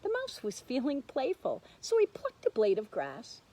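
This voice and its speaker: A woman reading a picture book aloud for a church children's lesson, slow and expressive, with soft quiet asides. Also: sits high, low-quality recording.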